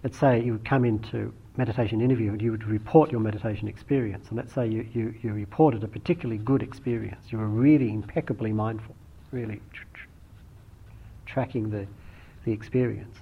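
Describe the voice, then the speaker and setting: Husky man giving a dharma talk. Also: lowish voice, fairly even intonation. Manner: thoughtful, unhurried, with frequent restarts. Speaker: meditation teacher. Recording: dull lo-fi recording.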